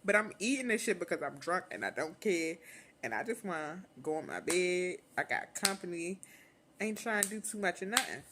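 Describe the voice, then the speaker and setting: A young adult woman vlogger telling a storytime in casual, slangy, profane talk, animated and unfiltered. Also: lowish voice, moderate pace, background noise.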